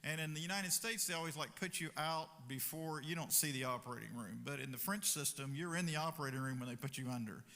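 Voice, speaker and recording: A man preaching a sermon and telling a personal story in a conversational way, with fillers and quick asides. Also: on the high side, sharp tone. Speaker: pastor. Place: church sanctuary. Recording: reverberant church hall.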